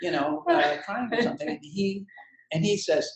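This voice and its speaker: A man's voice: high-pitched, very animated, normal speed, crowd noise. An older man, a retiring co-founder, telling long self-deprecating anecdotes in an interview. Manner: rambling, self-deprecating storyteller. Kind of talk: anecdotal storytelling in conversation. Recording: roomy echo.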